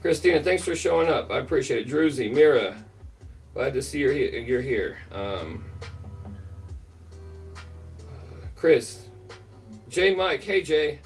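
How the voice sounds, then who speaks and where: A man's voice: mid-range voice, animated, takes it slowly, long pauses, distant mic, soft background music. A middle-aged man hosting a livestream, telling a rambling, filler-heavy story and greeting chat viewers by name. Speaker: livestream host.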